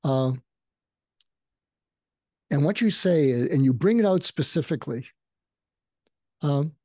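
A man's voice: on the high side, lively intonation, takes it slowly, long pauses, dark tone, dry recording, clean studio sound. An older man, a psychiatrist guest in a podcast interview, explaining advice and acting out sample lines in a raised voice.

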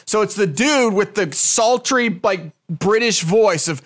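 Casual podcast co-host, American man, high and lively voice, profane, loose storyteller. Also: measured pace. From United States. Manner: animated, profane, laughing storyteller. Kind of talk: casual chat.

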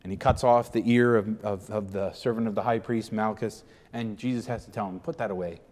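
A man preaching a sermon as pastor, animated and acting out the speakers in the scripture passage. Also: lowish voice, brisk, in a large hall.

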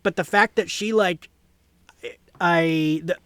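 A man's voice: high-pitched, slow, fairly bright tone, dry recording. A man co-hosting a casual podcast, giving his movie opinions with lots of fillers and restarts. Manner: hesitant, many fillers, enthusiastic opinions. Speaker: podcast co-host. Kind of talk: casual movie review chat.

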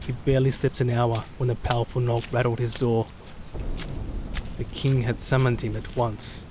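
A man narrates a drama in a steady, level voice with little rise and fall. A clear background noise runs beneath him. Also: medium pitch, moderate pace. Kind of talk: scripted narration.

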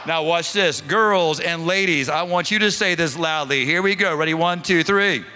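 A male pastor preaching a sermon, leading the congregation in call-and-response, then quiet and earnest in prayer. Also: fairly high pitch, moderate pace, background noise. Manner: drops to a quiet, intimate prayer tone.

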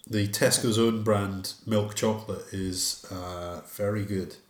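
Bloke, lowish voice, dry jokes, lots of ums, roomy echo. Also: male voice, steady tone, slow. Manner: dry, joking, says um often. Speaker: podcast co-host. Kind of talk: casual chat.

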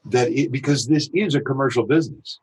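A man's voice: mid-range voice, darkish tone. A man, a voice actor, talking through his craft in a podcast interview, reflective and full of examples. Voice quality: husky. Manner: reflective, explains with examples and quick imitations. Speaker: voice actor guest.

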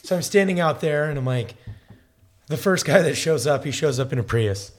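Animated man telling a story. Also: on the high side, normal speed. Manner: animated storytelling, acts out dialogue. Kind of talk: casual chat.

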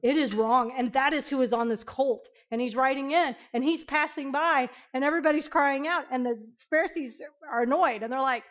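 A woman teaching an interactive Bible lesson, emphatic and animated, questioning her class. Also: high-pitched, fairly quick, few pauses, lo-fi sound.

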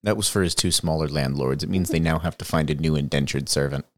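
A man's voice: extremely low pitch, quick pace, no echo. A man co-hosting a casual podcast, recapping a show episode with wry jokes and asides. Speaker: podcast co-host.

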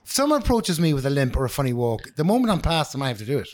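A middle-aged man, co-hosting a podcast as a swearing, animated storyteller. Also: on the high side, very fast. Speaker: podcast co-host. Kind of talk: casual chat.

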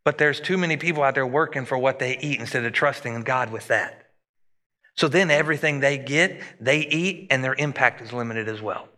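A man preaching a sermon as pastor, animated and rising and dropping his voice for emphasis. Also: mid-range voice, fairly quick. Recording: long hall reverb.

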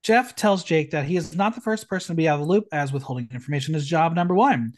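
A man's voice: on the high side, fast, few pauses. A man hosting a podcast, recapping an episode in casual, sarcastic chat. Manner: sarcastic, animated, recaps the episode and mimics contestants. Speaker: podcast host.

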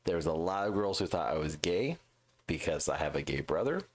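A man's voice: low-pitched, sing-song, fairly quick. A man in his thirties co-hosting a podcast, chatting casually, swearing freely and acting out what other people said. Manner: profane, ranting, acts out quoted voices. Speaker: podcast co-host. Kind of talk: casual chat.

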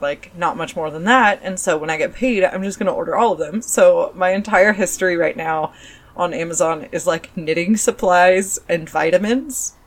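A woman's voice: lowish voice, normal speed. A woman in her thirties co-hosting a podcast, chatty and self-deprecating as she tells a story. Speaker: podcast co-host. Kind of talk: casual podcast chat.

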